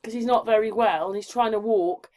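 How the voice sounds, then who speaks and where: A woman chatting casually as co-host in a soft, conversational way. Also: mid-range voice, a little fast. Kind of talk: casual chat.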